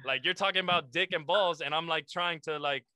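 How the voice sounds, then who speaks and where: A man hosting a podcast, telling a story in animated casual chat, swearing freely and saying "bro" often. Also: on the high side, fairly quick, over a noisy crowd.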